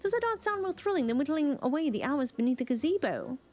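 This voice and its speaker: A woman voicing a pompous, theatrical male gentleman inspector with a flowery, self-important way of speaking. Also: high voice, sing-song, quick pace, pitched above the performer's own voice. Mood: boastful.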